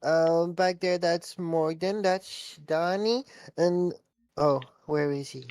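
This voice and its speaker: A player voicing a shy, halting slime creature. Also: medium pitch, fairly even intonation, a little mellow, clean tone, no echo, clean studio sound. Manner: hesitant, halting, a little awkward.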